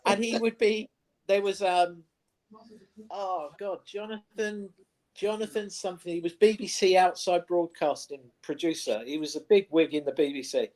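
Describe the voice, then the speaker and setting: A man co-hosting a sports chat show, telling anecdotes in a lively, casual way. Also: sits high, normal speed. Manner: animated anecdote-telling, mimics voices in quotes. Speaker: co-host. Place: studio.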